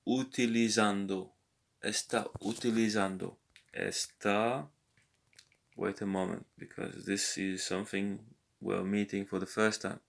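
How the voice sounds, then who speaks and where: A man talking through a language exercise, thinking aloud in a hesitant way and slowly sounding out foreign words. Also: fairly low pitch, level tone, vocal fry. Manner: hesitant, thinking aloud with many pauses and repeats. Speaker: language lesson vlogger working through exercises. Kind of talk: casual think-aloud tutorial.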